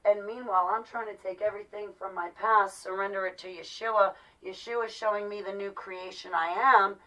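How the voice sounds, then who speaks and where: A woman's voice: medium pitch, fairly bright tone. A woman talking to camera in a personal monologue, impassioned and emphatic. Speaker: vlogger. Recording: distant mic, dull lo-fi sound.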